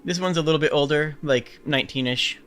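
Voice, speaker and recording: A man acting as game master, describing scenes in a measured, laid-back way and laughing easily. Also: on the high side, fairly bright tone, soft background music. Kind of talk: narrating a tabletop game.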